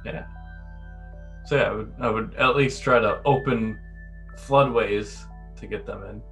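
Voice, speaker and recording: A man's voice: on the low side, unhurried, gravelly, a bit bright, soft background music. A man playing in a tabletop game, speaking in a hesitant, tentative way. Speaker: player.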